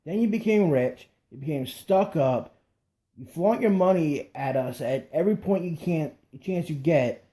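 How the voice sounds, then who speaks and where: Mellow-voiced man griping casually. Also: fairly high pitch, expressive, a little slow. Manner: profane, joins in the griping. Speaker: podcast co-host. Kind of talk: casual chat.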